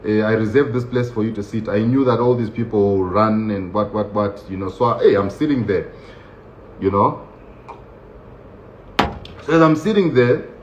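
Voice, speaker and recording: A man telling his own story in a casual, animated way, laughing often and acting out the voices of others. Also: mid-range voice. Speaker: show host recounting his own experience. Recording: roomy, dull lo-fi sound with faint hiss.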